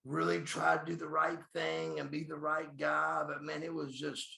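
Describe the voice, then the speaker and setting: In a podcast interview recorded in an echoey room, a man in his fifties who used to wrestle professionally tells blunt, profane stories and refers to himself by his own name. His fairly high, gravelly voice is pushed and bright, with a totally flat delivery at a moderate pace.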